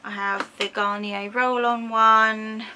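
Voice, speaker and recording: A woman's voice: a little high, little pitch movement, slow, sharp tone, a little hiss or hum. A woman with an English accent chatting through a product walkthrough, hesitant with frequent ums and self-corrections. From United Kingdom. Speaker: beauty vlogger.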